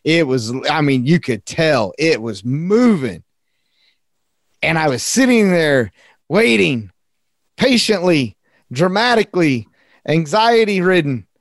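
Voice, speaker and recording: A man's voice: a little high, sing-song, no echo, clean studio sound. A man hosting a casual interview, recounting events dramatically. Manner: builds a story dramatically, drawn-out emphasis. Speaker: podcast host.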